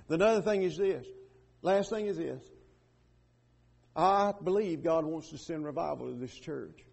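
A pastor preaches with a husky edge to his high-pitched voice. He presses his points hard, swelling loud before dropping to a near hush. The delivery is that of a man pleading with his congregation. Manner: impassioned, swells loud then drops to a hush. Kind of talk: sermon.

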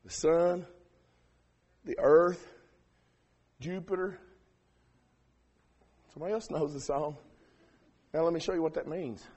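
A preacher, delivering a sermon that swings from quiet asides to shouted emphasis. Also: male voice, a little high, slow pace, pauses often, slightly rough. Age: 40s.

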